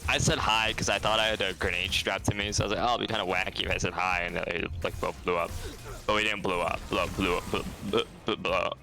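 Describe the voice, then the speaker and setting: A young man rambling deadpan and self-mocking in casual chat while playing a co-op game with a friend. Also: low voice, brisk, creaky. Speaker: co-op gaming guest.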